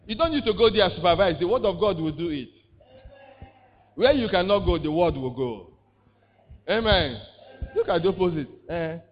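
A man, preaching a sermon in call-and-response style, repeating words and prompting the congregation with questions. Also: high voice. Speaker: pastor. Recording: reverberant, muffled sound.

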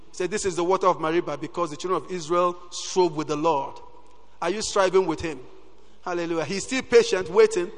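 A man preaching with a high, ringing voice. His delivery is animated, and he keeps breaking in with calls of praise. The sound carries a long hall reverb, as if from a large church. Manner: animated, peppers talk with "Hallelujah". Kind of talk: sermon.

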